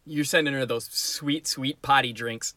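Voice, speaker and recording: A man's voice: medium pitch, steady tone, unhurried, sharp tone, no room sound. A man co-hosting a podcast, chatting playfully about tabletop game scenarios and laughing often. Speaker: podcast co-host.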